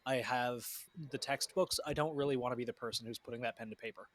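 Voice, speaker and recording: A man's voice: medium pitch, fast, a bit bright. Laid-back joking male co-host. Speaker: podcast co-host. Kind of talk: casual chat.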